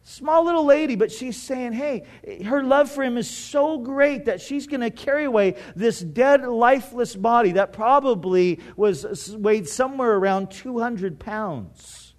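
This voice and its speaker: A man with a high voice preaching a casual, animated sermon. He reads scripture aloud and slips into little acted-out lines for the people in the story, swinging between loud and soft. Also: unhurried, few pauses. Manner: conversational, animated, acts out quotes, chuckles at own jokes. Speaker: pastor.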